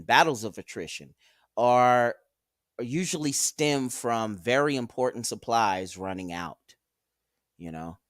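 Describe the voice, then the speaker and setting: A man's voice: mid-range voice, a bit bright, no echo, studio quality. A man hosting a livestream and reading chat aloud, rambling and profane with a mock-tough edge.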